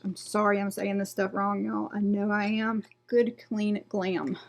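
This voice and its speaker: A woman's voice: medium pitch, little pitch movement, a little slow, gravelly. A woman doing a casual beauty unboxing vlog, reading product blurbs aloud and trailing off and restarting as she goes. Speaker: beauty vlogger.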